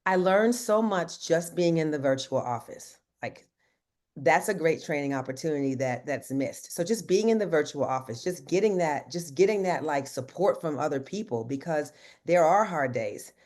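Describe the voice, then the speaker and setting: A man's voice: a little high, expressive, moderate pace, a little mellow. A man who works as an insurance agent, telling his story in earnest on a team video call, speaking casually with lots of fillers and restarts.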